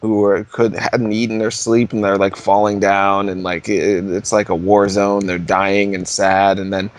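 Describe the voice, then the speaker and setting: A man at home telling rambling, animated stories in a casual podcast chat. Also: on the low side, unhurried. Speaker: podcast co-host.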